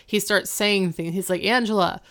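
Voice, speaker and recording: A woman's voice: fairly low pitch, fairly even intonation, measured pace, a bit bright, smooth. A woman in casual chat, recapping a TV episode with lots of "like" and acting out the characters' lines. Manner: chatty, peppered with "like", acts out the characters' lines.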